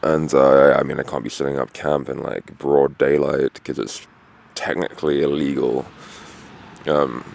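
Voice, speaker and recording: Man, very deep voice, gravelly, tired, dehydrated, rambling, swearing, outdoors. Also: little pitch movement, unhurried, darkish tone. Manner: rambling and rough, with heavy filler and swearing. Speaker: vlogger on a long walk. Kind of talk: rambling casual monologue. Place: outdoors at a roadside camp.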